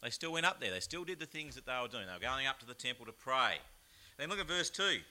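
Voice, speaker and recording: A man with an Australian accent, preaching a chatty, animated sermon with plenty of rhetorical asides. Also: medium pitch, fast. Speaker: pastor. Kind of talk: lively sermon.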